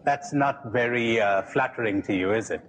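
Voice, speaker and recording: A man giving a reflective talk, prodding his listeners with challenging rhetorical questions at a slow, deliberate pace. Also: mid-range voice, a bit bright, a little hiss or hum, low-quality recording. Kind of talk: reflective lecture with jokes.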